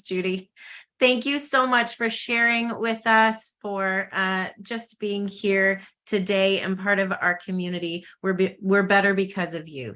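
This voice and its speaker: A woman hosts an online summit at a medium pitch. She thanks each guest and reads the next bio at a brisk pace. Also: fairly bright tone. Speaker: summit host. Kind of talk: hosting and reading a bio.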